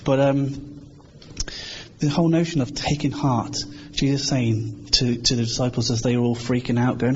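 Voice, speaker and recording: A man's voice: medium pitch, flat delivery, moderate pace, a little mellow. Earnest British man preaching. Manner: earnest, conversational, acts out quoted voices. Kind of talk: informal sermon. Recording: slightly dull, faint background hiss.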